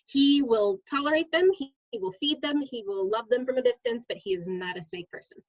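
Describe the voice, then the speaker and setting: A woman's voice: fairly high pitch, a little fast, no echo, highs cut off. Chatty woman teacher telling stories. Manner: lively storyteller, many "um"s. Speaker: middle school science teacher, guest. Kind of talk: casual interview storytelling.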